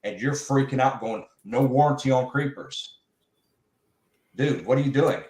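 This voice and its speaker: A man telling a casual shop story, animated and mimicking the people he quotes. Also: medium pitch, a little slow, reverberant, low-quality recording.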